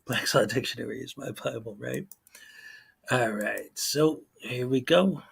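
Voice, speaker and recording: A man's voice: medium pitch, a little slow, vocal fry, a bit bright, husky. A man hosting his channel in casual livestream chat, rambling with frequent ums and restarts. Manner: rambling, many fillers and restarts. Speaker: YouTube channel host.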